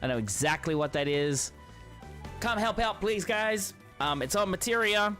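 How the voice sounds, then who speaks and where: A man's voice: high-pitched, lively intonation, moderate pace, a bit bright, soft background music. A man streaming a game live, chatting casually in a friendly, encouraging way with lots of ums and restarts. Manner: friendly, encouraging, rambling with many fillers. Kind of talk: casual live-stream chat while playing.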